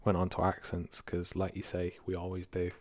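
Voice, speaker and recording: A young man co-hosting a casual chat, jokey and quick to laugh, often swearing and slipping into silly voices. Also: low voice, completely flat delivery, darkish tone, dry recording. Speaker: podcast co-host. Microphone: home podcast mic, low production quality.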